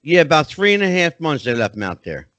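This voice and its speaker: A man's voice: on the high side, big pitch swings, quick pace, fairly bright tone, no echo. A middle-aged man hosting a podcast interview, chatty and often rephrasing himself. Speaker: podcast host.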